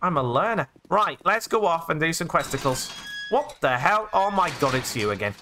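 An English man narrating a survival game as a jokey role-play, describing what he does as he goes. His voice is bright and a little high, swinging up and down with lively energy. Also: normal speed, slight background noise. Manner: playful, jokey, narrates his own actions in past tense. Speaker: gaming channel host.

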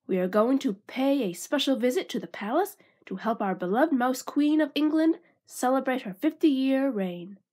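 A woman's voice: sits high, expressive, moderate pace, few pauses, warm tone. A woman doing a sneering rat villain. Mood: wicked. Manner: sneering, grandiose. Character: wicked, boastful male rat villain, sneering.

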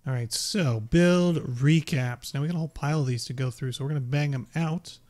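A man giving excitable, chatty commentary over his own gameplay, exclaiming often. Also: on the high side, brisk. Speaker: gaming YouTuber. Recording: game gunfire behind voice. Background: game gunfire and explosions.

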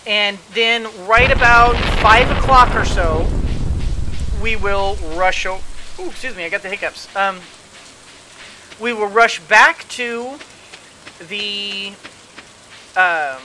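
Unhurried let's play host, excited outbursts, thinking aloud, rain sound from the game behind. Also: medium pitch, slight background noise, rough recording. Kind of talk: gameplay commentary.

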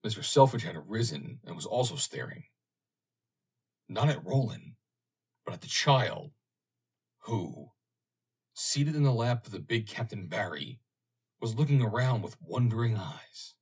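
A man reading an audiobook, narrating in a measured, expressive way. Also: lowish voice, breathy edge.

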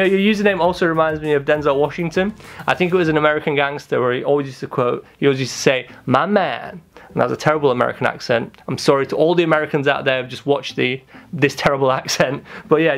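A young man who works as a pharmacist, answering viewer comments in an upbeat, energetic, casual way. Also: fairly high pitch. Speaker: pharmacist host. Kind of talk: casual YouTube comment-response chat.

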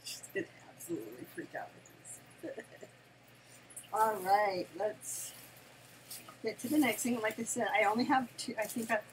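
An older woman and grandmother chatting casually through an unboxing, gushing and excitable, laughing often and squealing with delight at home. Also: mid-range voice, measured pace, pauses often, background noise. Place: home, near her desk.

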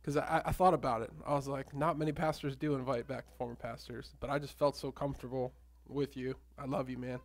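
A man's voice: medium pitch, steady tone, fast talker, hardly any pauses, no echo. A man, a pastor, making casual, teasing remarks in church and laughing easily. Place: church sanctuary.

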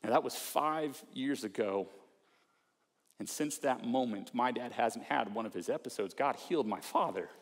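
A man's voice: mid-range voice, animated, normal speed, a little hiss or hum. Man preaching in a reverberant hall. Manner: earnest, conversational preaching with acted-out prayers and mock self-talk. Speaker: pastor. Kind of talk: sermon. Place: large church auditorium.

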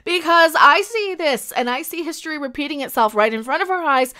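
Brief: exasperated woman, high sharp voice, angry swearing rant. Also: lively intonation, a little fast. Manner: angry, exasperated ranting with heavy swearing and repetition. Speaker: YouTube commentator. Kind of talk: ranting commentary video.

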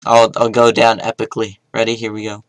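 A young man giving casual gameplay commentary, mostly mumbling to himself with sudden loud outbursts. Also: lowish voice, completely flat delivery, a little fast, no room sound, rough recording. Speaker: gaming YouTuber.

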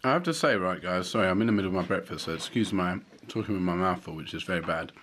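A man's voice: low voice, quick pace, a bit bright, slight background noise. A man in his thirties hosting a casual family vlog, playful and joking. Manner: playful, jokey, baby-talk to his son. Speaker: vlog host, father.

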